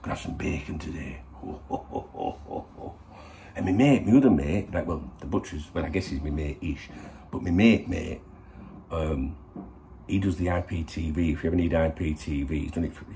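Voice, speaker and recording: A man's voice: rumbling low, fairly quick, warm tone, a little hiss or hum. A middle-aged man, hosting a casual morning vlog to camera in a rambling, sweary, chatty way. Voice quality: gravelly. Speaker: football channel host.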